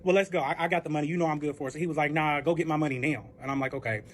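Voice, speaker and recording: Speaking rapid-fire in a slightly high, steady voice, a man recounts something that happened to him, cursing often and leaning heavily on fillers. He voices each person in the exchange himself, and there's a little hiss or hum on the recording.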